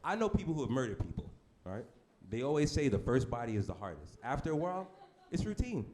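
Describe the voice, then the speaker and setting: A man performing a brash stand-up comedy set on a club stage, with deadpan shock delivery and asides to the crowd. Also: mid-range voice, quick pace. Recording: noisy live club recording. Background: audience laughter.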